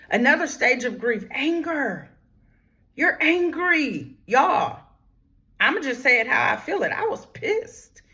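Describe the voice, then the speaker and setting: Emphatic woman therapist talking about grief. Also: a little high. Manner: emphatic, preacherly, talks straight to listeners with "y'all"; swings from hushed whispers to raised, forceful lines. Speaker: grief therapist and channel host. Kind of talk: motivational talk on grief.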